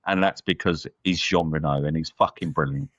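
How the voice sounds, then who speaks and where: A man co-hosting a casual film review podcast, blunt and sweary and quick to laugh. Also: a bass voice, steady tone, a bit bright, no room sound. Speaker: podcast co-host. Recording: slightly dull lo-fi sound.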